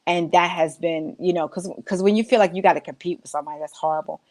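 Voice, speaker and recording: Animated woman guest telling stories. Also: lowish voice, quick pace, dry recording. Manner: animated storyteller, acts out friends' voices. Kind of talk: casual heartfelt chat.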